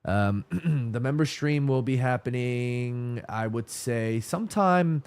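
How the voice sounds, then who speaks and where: Hosting a football livestream while worn out, a man with a New York accent rambles and responds to chat, with frequent restarts and self-corrections. He speaks slowly in an expressive, mid-range voice with a darkish, clean tone.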